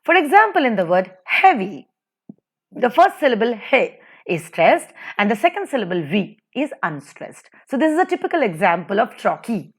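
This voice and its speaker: This woman teacher, who has an Indian English accent, talks through slides with a sing-song, heavily stressed delivery and recites verse slowly. Her voice is slightly high, husky, and very animated.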